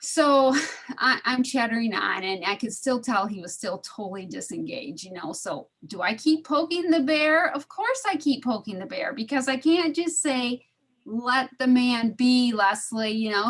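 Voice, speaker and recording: A middle-aged woman talks in a casual, chatty way, with a voice pitched a little high. She laughs easily and acts out the people in her story. The sound is that of a video call. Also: animated, a little slow. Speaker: study group participant. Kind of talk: casual storytelling in an online group.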